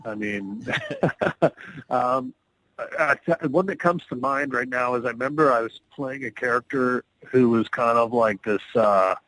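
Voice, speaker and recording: A man who is an actor guest on a podcast, telling stories in a relaxed, casual way and often laughing. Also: medium pitch, measured pace, slight background noise, rough recording. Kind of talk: casual interview storytelling.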